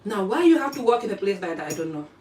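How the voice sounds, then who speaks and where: A woman's voice: medium pitch, quick pace, slight background noise. Chatty African woman on a distant phone. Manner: chatty, animated, drifts between topics. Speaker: vlogger. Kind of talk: casual live-stream chat while eating. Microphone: phone camera pointed away from her. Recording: roomy phone audio from a distance.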